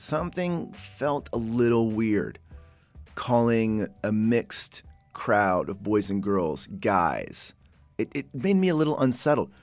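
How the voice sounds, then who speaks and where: Chatty lowish-voiced man explaining word origins. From Oklahoma. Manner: chatty, digressive, often restarts and corrects himself. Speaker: podcast host. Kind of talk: casual word-history explainer.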